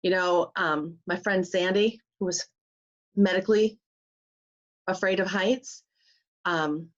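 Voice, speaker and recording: A woman life coach telling a personal story in an animated way, acting out the voices of others. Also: on the low side, slow. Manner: animated, acts out quoted voices. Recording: slightly muffled recording.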